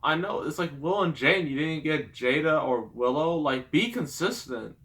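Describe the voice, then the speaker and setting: A man's voice: on the high side, animated, moderate pace, fairly bright tone. A man giving a casual, rambling movie review, sarcastic, with lots of fillers.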